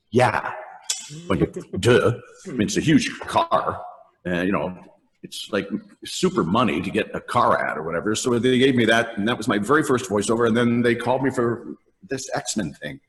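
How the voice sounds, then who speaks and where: A man's voice: medium pitch, animated, normal speed, a bit bright. An older man, a voice actor guest, telling rambling stories in a casual interview, laughing often and acting out lines. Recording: long reverb on the voice.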